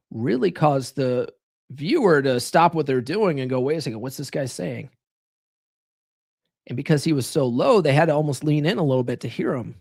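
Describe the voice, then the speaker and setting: A man's voice: a little high, lively intonation, moderate pace, creaky, a little mellow, breathy edge. A man hosting a live stream, talking casually in a blunt, profane, coaching tone. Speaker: live stream host giving dating advice.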